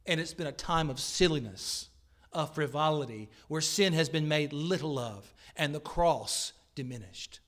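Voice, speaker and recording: Pastor preaching with swelling, emphatic intensity. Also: male voice, a little high, expressive, measured pace. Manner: emphatic preaching, swinging between loud declarations and hushed pleas. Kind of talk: sermon. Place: church service.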